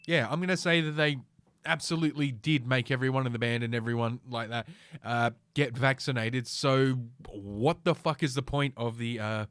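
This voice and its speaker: Profane, rambling middle-aged podcast host. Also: male voice, medium pitch, steady tone, moderate pace, fairly bright tone, smooth. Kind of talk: casual solo podcast rant.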